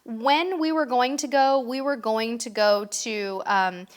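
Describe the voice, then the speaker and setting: A woman's voice: a little high, fairly even intonation, slow. A woman hosting a casual live stream, upbeat and chatty, reading out viewers' questions and answering them. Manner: chatty, upbeat, reads comments aloud.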